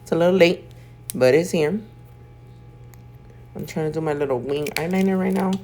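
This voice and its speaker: Sleepy low-voiced woman, gravelly and profane. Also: moderate pace, dark tone, a little hiss or hum. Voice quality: throat feels off, clears throat. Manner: chatty, profane, slangy storytelling. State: sleepy, just woken up. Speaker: nail artist and video host. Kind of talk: casual voiceover chat. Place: at home doing her makeup.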